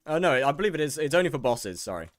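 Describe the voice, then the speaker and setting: A man's voice: on the high side, very animated, quick pace, no room sound, clean studio sound. A young man from England, streaming a game and bantering sarcastically with his chat. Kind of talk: casual chat with viewers while gaming.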